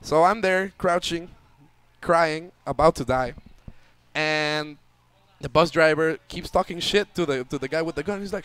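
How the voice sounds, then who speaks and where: A young man tells a long story with lots of life, slipping into the voices of the people in it. His voice sits a bit high for a man. He talks to his audience as a guest. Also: moderate pace, clean tone, no echo. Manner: lively, acts out voices in the story. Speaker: interview guest, tournament player. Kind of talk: animated storytelling.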